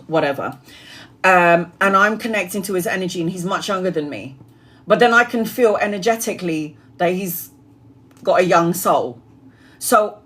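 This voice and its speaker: A woman in her forties doing a live-stream tarot reading, chatty and blunt, swearing casually and rattling off card meanings in quick lists. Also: medium pitch, slightly rough. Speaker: tarot reader.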